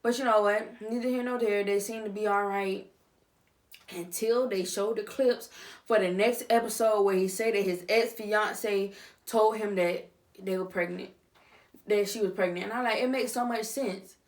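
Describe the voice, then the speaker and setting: Animated slangy woman vlogger. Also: medium pitch, normal speed. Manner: animated, swings between quiet asides and loud outbursts; slangy, talks straight to viewers. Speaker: vlogger reviewing a reality TV show. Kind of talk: casual reaction commentary.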